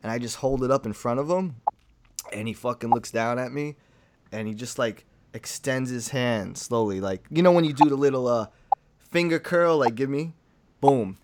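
New dude telling a wild story, swears a lot, noisy room with clicks. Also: male voice, mid-range voice, moderate pace. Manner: animated, profane, acts out quotes. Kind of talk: casual storytelling chat.

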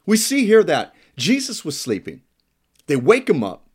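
A man delivers a sermon with an animated, swooping voice that sits a little high for a man. He reads scripture aloud and adds emphatic, playful asides between the verses. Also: measured pace, husky. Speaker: preacher.

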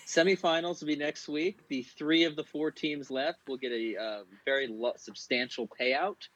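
A man's voice: on the high side, steady tone, moderate pace, a bit bright, dull audio. A man chatting casually on a podcast with dry, mock-pompous humor. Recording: faint background noise.

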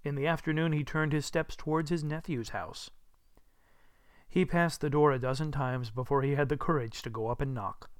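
A man narrating a classic story in an expressive, storytelling manner. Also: a little high, moderate pace, smooth, no room sound, studio quality. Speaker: audiobook narrator. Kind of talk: scripted narration.

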